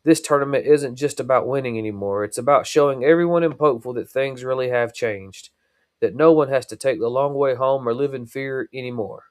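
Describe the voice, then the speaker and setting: A resolute young man training for a fight, earnest and steady as he finds his resolve, in a storybook reading, voiced by a man reading aloud. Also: mid-range voice, brisk, no room sound, studio quality, natural voice.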